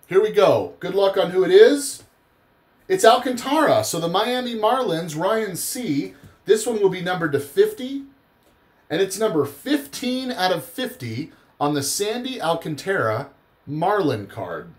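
Chatty, animated man hosting a live stream. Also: high voice, unhurried. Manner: chatty, rambling storyteller. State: tired after a long day. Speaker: host of live card breaks. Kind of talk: casual live-stream commentary.

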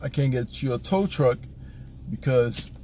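A man's voice: medium pitch, animated, a little slow, dark tone, slight background noise. A man telling a story as a casual, profane rant in a car, exasperated and acting out the back-and-forth dialogue. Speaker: vlogger.

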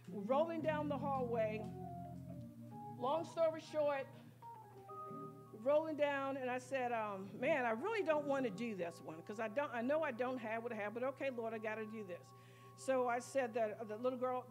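A woman giving a spoken testimony at a church worship service, telling her story in a rambling, excited way full of quoted dialogue. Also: on the high side. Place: church sanctuary.

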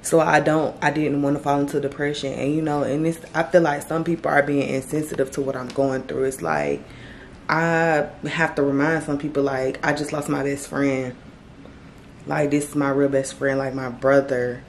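A woman in her late twenties, a vlogger, talking tearfully and haltingly to camera about her grief, with many fillers and restarts. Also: deep voice, flat delivery, a little hiss or hum. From Florida, US. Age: late 20s. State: grieving, tearful. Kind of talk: tearful direct-to-camera vlog talk. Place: indoors, on her bed.

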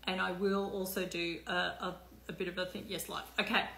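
Chatty woman on a bright, echoey live stream. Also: lowish voice, little pitch movement, brisk, creaky. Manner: chatty and loose, with many fillers, swearing and asides. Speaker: life coach hosting a live stream. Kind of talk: casual live-stream chat.

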